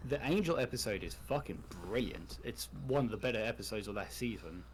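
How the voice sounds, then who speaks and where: A man's voice: fairly low pitch, animated, fairly quick, a little hiss or hum, rough recording. Man, podcaster, casual chat, swears freely, blunt opinions.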